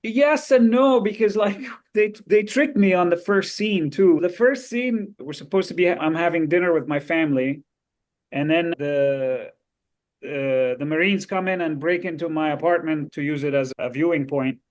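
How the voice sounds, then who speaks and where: Animated, higher-pitched male guest storyteller. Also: moderate pace. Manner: lively, animated storytelling with frequent laughs. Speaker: guest actor. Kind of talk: casual anecdote telling.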